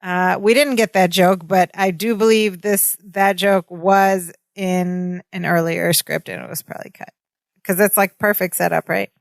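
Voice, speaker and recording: A woman's voice: on the low side, fairly even intonation, measured pace, gravelly, no room sound. Chatty woman recapping a sitcom. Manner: chatty, retells scenes with quoted lines. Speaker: podcast co-host. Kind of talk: casual chat recapping a sitcom episode.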